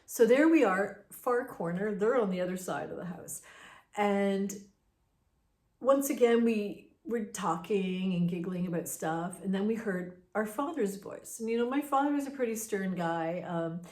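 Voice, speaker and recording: A woman's voice: mid-range voice, unhurried, a little mellow. A woman casually telling a personal ghost story in a chatty, conversational way. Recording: roomy echo.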